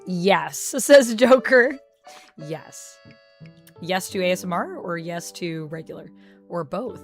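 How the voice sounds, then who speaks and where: A woman's voice: on the low side, expressive, slow pace, soft background music. A woman chats playfully with her viewers while she plays a game. She reads their comments aloud and responds in a loose, casual way. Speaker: YouTuber, gaming host. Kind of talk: casual gameplay chat with viewers.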